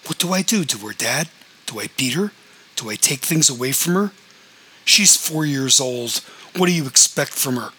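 A man reading aloud, voicing a defensive mother in a storybook family quarrel, raising his pitch a little and speaking with insistent emphasis. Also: animated, moderate pace, pushed and bright, husky. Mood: exasperated. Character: grown woman, a defensive mother.

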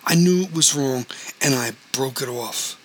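A man reading as a guilt-ridden young woman, her voice shaky and pleading, apologizing over and over. The tone is bright and clear, with a faint hiss under it. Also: medium pitch, normal speed, rough recording. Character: guilty, shaken young woman caught in an affair.

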